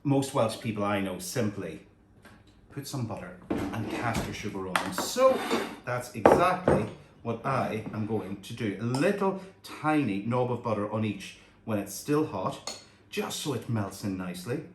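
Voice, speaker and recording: A man's voice: fairly low pitch, lively intonation, unhurried, a little hiss or hum. Chatty man demonstrating home cooking. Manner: chatty, admiring the food as he goes. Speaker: cooking show host. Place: home kitchen. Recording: echoey room with faint kitchen clatter.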